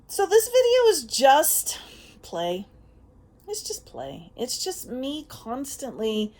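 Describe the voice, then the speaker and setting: She's a self-help vlogger delivering an informal spoken monologue, upbeat and candid, with plenty of profanity and laughter. Her pitch leans high.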